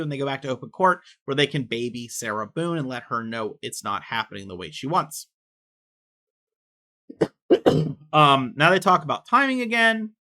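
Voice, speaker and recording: A man reading court records aloud with casual commentary, quick and offhand, dropping in personal asides. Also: fairly high pitch, bright, forceful tone.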